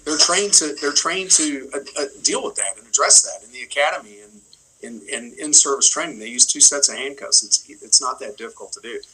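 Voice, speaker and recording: A man's voice: mid-range voice, lively intonation, a little fast, sharp tone, low-quality recording. A middle-aged male attorney speaking emphatically in a livestream interview, often repeating words as he builds his points. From United States.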